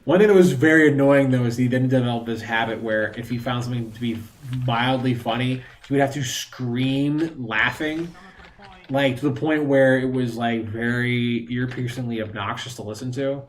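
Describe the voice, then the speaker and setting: A man's voice: mid-range voice, fairly even intonation, normal speed. Rambling male streamer chatting with viewers. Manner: rambling, talks to chat, laughs often. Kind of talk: casual live-stream chat.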